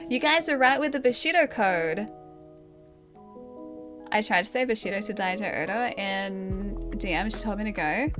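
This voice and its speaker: A woman's voice: medium pitch, moderate pace, over music. An Australian woman streaming live, casually thinking aloud and chatting with her viewers.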